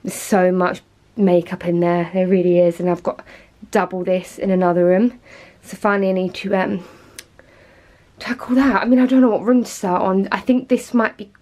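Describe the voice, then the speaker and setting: A woman's voice: medium pitch, a little mellow. A woman chatting casually in a home vlog, rambling and self-mocking as she talks. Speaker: vlogger. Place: home walk-in closet.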